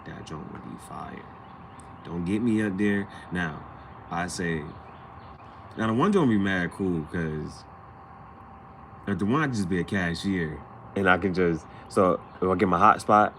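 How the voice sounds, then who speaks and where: A man's voice: low-pitched, background noise. A man vlogging in a casual, slangy storytelling chat, acting out the people he talks about. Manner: animated, slangy, acts out quoted people.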